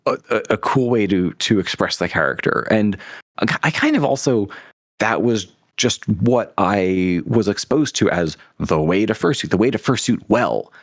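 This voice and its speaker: Young adult man, low voice, dry close sound; eager, rambling storyteller with lots of "um"s. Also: expressive, moderate pace, dry recording. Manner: enthusiastic, rambling, many fillers and restarts. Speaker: podcast guest. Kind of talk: casual interview storytelling.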